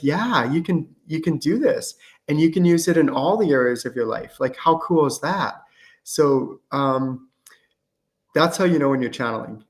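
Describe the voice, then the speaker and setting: Middle-aged guy hosting a live q&a stream, super casual, lots of "like" and "um", average pitch. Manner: casual and chatty, many fillers, acts out student exchanges. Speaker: host and channeling teacher.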